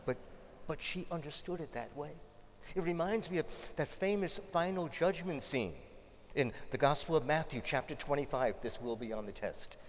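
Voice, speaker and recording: A man's voice: on the high side, moderate pace, big-room sound, a little hiss or hum. A male preacher giving a sermon, telling stories in a conversational way with light humorous asides.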